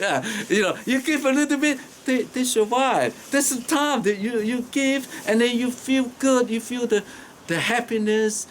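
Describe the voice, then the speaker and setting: A man's voice: extremely high pitch, expressive, unhurried, a little hiss or hum. A man with a strong non-native accent teaching informally about an ancient text, hesitant with many fillers and frequent chuckles. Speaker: teacher explaining Tao Te Ching. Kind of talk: informal lecture.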